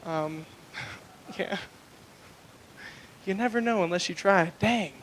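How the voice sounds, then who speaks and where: A young man works through a crude stand-up set on a club stage, his voice pitched high. He rambles and leans hard on filler words between punchlines. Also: slow pace, a bit bright. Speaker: stand-up comedian. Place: comedy club stage, live.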